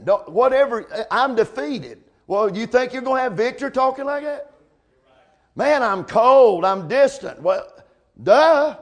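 A man preaching a sermon, calling out amen and come on now between points. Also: extremely high pitch.

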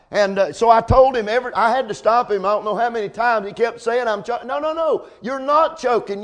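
A man's voice: very high-pitched, a little fast, few pauses, a bit bright. A man preaching a sermon, calling out amen and come on now between points.

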